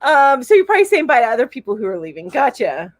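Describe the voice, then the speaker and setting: Very animated and quick, a middle-aged woman reads out viewer comments on her casual live stream, her voice sitting high. She giggles, bubbles over, and coos at her cat. There's no echo.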